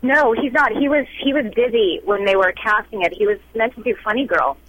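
A woman's voice: a little high, brisk, a bit bright, muffled recording, a little hiss or hum. A woman actress being interviewed, talking in a bubbly, chatty way over a remote line.

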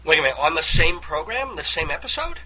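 A man hosting a casual radio interview, eager and quick to laugh. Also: on the high side, sing-song, pushed and bright, slightly rough, rough recording. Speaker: radio host.

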